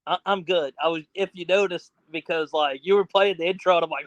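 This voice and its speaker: A man's voice: sits high, steady tone, fairly quick, a bit bright, dry recording, muffled recording. A man as a podcast guest, chatting casually in a laid-back, storytelling way.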